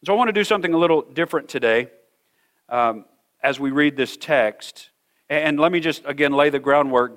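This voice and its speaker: A middle-aged man preaching a sermon to a congregation in a church hall, earnest, often repeating words and slowing down to stress a point. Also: medium pitch, a bit bright. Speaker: pastor.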